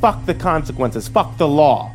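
A sneering, menacing sheriff from a spoken story, full of cold contempt. He drawls his taunts in a raised, forceful voice, played by a man narrating. Faint music sits under the reading. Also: a little high, animated, moderate pace, voice pushed up, natural voice. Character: menacing sheriff, older man, cruel and smug.

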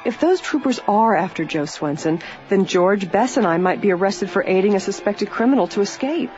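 An audiobook reader narrating a mystery novel in an even, measured way. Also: mid-range voice, dull audio, faint music behind.

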